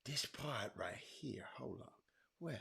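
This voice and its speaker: A man hosting a sports talk show, speaking emphatically, swinging between loud outbursts and low asides. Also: lively intonation, slow, creaky. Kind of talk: animated sports talk commentary.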